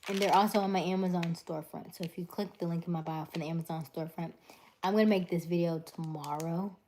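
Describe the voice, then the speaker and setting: A middle-aged woman hosts a laid-back livestream from home, speaking into a webcam mic. Her voice sits low and warm, and she stays animated as she tells stories and plays out dialogues. Between stories she reads the chat aloud. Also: quick pace, a little hiss or hum. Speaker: livestream host.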